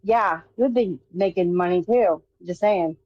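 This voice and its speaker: A woman's voice: on the low side, normal speed, no room sound. A woman chatting on a call-in livestream, talking in a matter-of-fact way. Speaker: caller. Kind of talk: casual call-in chat. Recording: dull, dry lo-fi sound.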